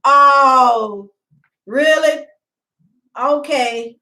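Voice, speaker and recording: A woman's voice: high voice, very slow, pushed and bright, low-quality recording. A middle-aged woman hosting a casual home live stream, rambling and chatty, greeting viewers by name and laughing often. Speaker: livestream host.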